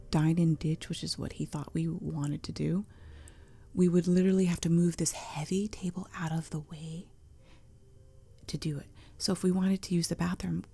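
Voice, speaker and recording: A woman who is an ASMR host speaks in a soft half-whisper, chatty and meandering. Her voice is very airy and breathy, with a gravelly fry at the edges of her words. Her tone is dark and mellow, close to a sensitive mic. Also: lowish voice. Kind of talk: soft-spoken ASMR storytelling. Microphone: close sensitive mic for headphones.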